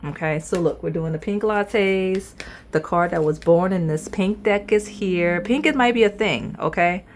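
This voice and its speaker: Low-voiced woman reading tarot. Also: unhurried, a little hiss or hum. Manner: chatty, playful, talks straight to viewers. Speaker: tarot reader. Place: indoors at a table.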